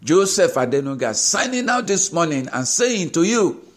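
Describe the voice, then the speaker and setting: Preaching pastor, urgent rhetorical questions. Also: male voice, a little high, very animated, moderate pace. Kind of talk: sermon.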